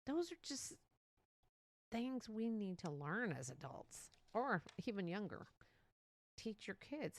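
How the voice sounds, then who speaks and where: Lively, gravelly-voiced woman podcaster. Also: mid-range voice, slow, long pauses, dry recording. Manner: chatty and animated, often laughing and acting out quotes. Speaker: podcast host. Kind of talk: casual solo podcast monologue.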